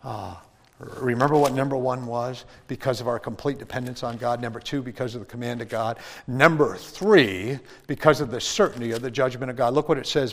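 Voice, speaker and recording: Animated middle-aged preacher in a church. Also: male voice, medium pitch, brisk. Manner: animated storytelling, shouting and laughing at punchlines. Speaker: pastor. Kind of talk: sermon. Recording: long church reverb.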